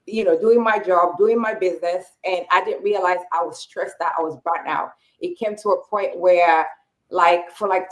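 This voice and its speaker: A woman's voice: medium pitch, rough recording. A woman in her forties, a podcast co-host, telling a personal story in casual chat and acting out what people said to her. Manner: candid personal storytelling, acting out quoted remarks.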